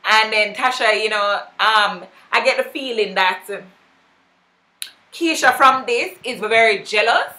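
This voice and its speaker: Gossipy woman recapping a show, bright voice, roomy echo. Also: a little high, unhurried. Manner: chatty, gossipy, opinionated. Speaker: vlogger. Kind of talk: casual TV episode recap.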